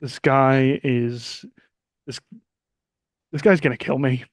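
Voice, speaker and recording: A man playing a tabletop role-playing game who talks in a casual, halting way. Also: medium pitch, fairly even intonation, dry recording. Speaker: player.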